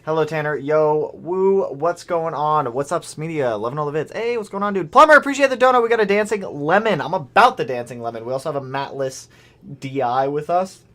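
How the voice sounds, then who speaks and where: Man, livestream host, casual chat, excitable, shouts out names. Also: a little high, a little fast. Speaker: car channel host.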